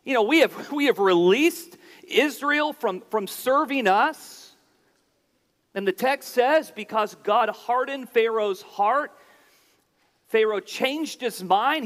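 Male preacher, very high voice, unhurried sermon delivery, long hall reverb. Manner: deliberate, expository, restarts phrases when emphasizing.

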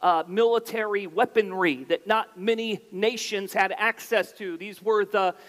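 A man preaching a sermon in a deliberate, explanatory way, often restarting phrases for emphasis. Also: high-pitched, steady tone, a bit bright, in a large hall.

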